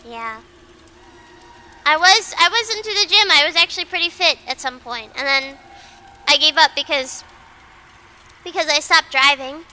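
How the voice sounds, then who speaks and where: A woman's voice: high voice, moderate pace, long pauses, bright, forceful tone. A woman VTuber in casual livestream chat who rambles, repeats herself, swears freely and mocks herself bluntly. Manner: blunt and self-mocking. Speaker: VTuber streamer.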